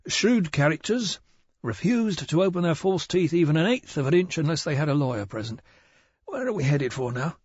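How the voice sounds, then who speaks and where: A man's voice: on the high side, expressive, normal speed, darkish tone, slightly rough, no echo, muffled recording, voice pushed up. A man voicing a wry, easygoing male police detective in an audiobook. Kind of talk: audiobook character voice.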